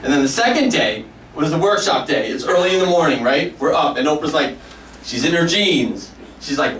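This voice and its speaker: A man's voice: a little high, very animated, normal speed, a bit bright. A man performing a self-deprecating comic story live at a small café, laughing through his lines. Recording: roomy live room from a distance, faint noise.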